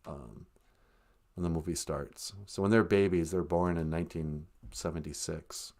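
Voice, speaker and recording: A man co-hosting a comedy podcast, pitching ideas hesitantly with many fillers. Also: steady tone, normal speed, darkish tone. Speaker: podcast co-host. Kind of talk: comedic banter.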